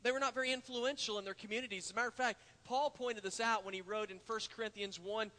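A man's voice: sits high, steady tone, quick pace, sharp tone. A male pastor preaching an earnest sermon in a church, building to emphatic points. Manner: earnest preaching, frequent uh fillers and restarts, rises to emphatic points. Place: church sanctuary. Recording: long hall reverb in a church.

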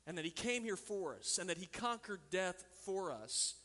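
A man's voice: high voice, sing-song, normal speed, bright, forceful tone. A man from Texas preaching a sermon as pastor, telling stories in a conversational way and asking the congregation questions. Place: church sanctuary. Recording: reverberant hall.

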